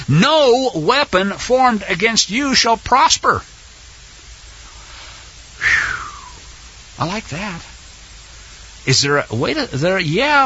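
A man preaching a fiery sermon, impassioned and sarcastic, sometimes shouting. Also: high voice, husky, lo-fi sound.

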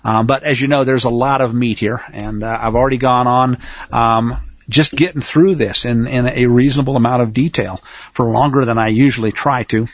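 A man teaches a Bible passage in sermon style, blunt and emphatic, swinging between loud pushes and low asides. The recording is dry and dull.

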